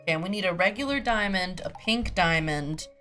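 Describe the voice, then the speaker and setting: Faint, soft music accompanies a woman whose voice is fairly low, fairly quick, and fairly bright. She's at her home streaming setup playing a cozy farming game, goofily talking to herself and humming and scatting as she sorts through her items.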